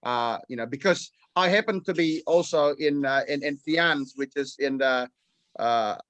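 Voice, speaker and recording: A man's voice: medium pitch, a little slow, fairly bright tone, no echo. A man from New Zealand, a farmer guest in an interview, speaking hesitantly with many fillers. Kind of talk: casual interview.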